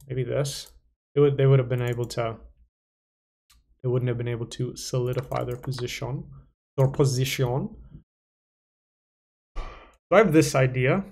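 A man's voice: medium pitch, creaky, a little mellow. A young man casually thinking aloud while playing online chess, muttering to himself with playful asides. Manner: casual, self-talking, playful asides and mumbles. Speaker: chess streamer.

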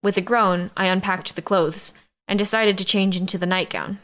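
Woman narrator, first-person audiobook, mid-pitched, steady storytelling. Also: moderate pace.

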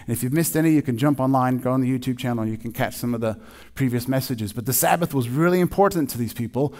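A man preaching a sermon in church in a conversational, emphatic way, often dropping suddenly to a quiet voice. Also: mid-range voice. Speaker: pastor.

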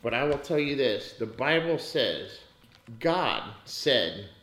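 A man's voice: mid-range voice, very animated, slow, a bit bright, reverberant. A man hosting a casual podcast about money, talking bluntly and ranting with lots of swearing. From United States. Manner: profane and blunt, rants in bursts. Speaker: podcast host.

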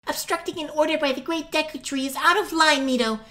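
A woman voicing a tiny, indignant female fairy guide with a shrill, bossy manner in a storybook reading. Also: steady tone, a little fast, sharp tone.

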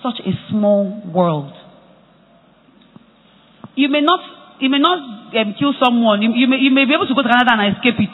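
A man with a Nigerian accent giving a motivational talk at a conference, telling stories with animated repetition for emphasis. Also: high voice. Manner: animated storytelling, repeats phrases for emphasis. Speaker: conference speaker. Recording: echoey hall, tinny phone-like sound.

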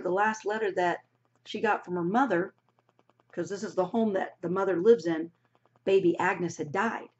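A woman's voice: medium pitch, moderate pace, a little mellow. A woman teacher reading a novel aloud to her class, stopping now and then to explain words in a casual way. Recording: dull lo-fi recording.

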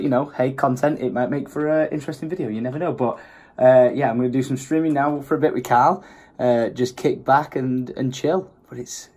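Husky, tired vlogger man. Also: mid-range voice, a little mellow. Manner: rambling, self-mocking, tired. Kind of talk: casual vlog chat.

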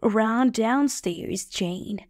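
A woman reading a brooding gentleman, very slow. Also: on the high side, no room sound, studio quality. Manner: slow, plain, clearly spoken. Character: brooding gentleman master of the house. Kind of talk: audiobook character reading for learners.

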